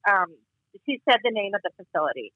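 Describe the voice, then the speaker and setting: A woman telling a personal story in casual conversation, animated and acting out the dialogue as she goes. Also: mid-range voice, fast talker, no room sound, phone-quality sound. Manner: animated, acts out quoted dialogue. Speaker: guest.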